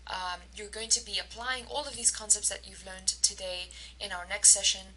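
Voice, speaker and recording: A woman's voice: medium pitch, steady tone, moderate pace, pushed and bright, slight background noise, rough recording. A woman instructor giving a recorded lecture, explaining step by step with frequent fillers and self-corrections. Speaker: university instructor.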